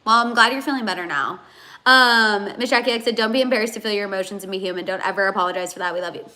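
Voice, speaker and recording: Bright-voiced chatty woman hosting a stream. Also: medium pitch, rapid-fire. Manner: chatty and rambling, many fillers. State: emotional, teary. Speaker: host. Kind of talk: casual livestream chat reading comments.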